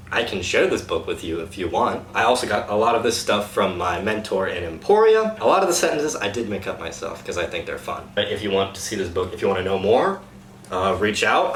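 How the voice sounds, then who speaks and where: A man coaching a cast on dialect sounds in an upbeat, casual way, slowing down to demonstrate each sound. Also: lowish voice, a bit bright. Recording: echoey room, faint noise.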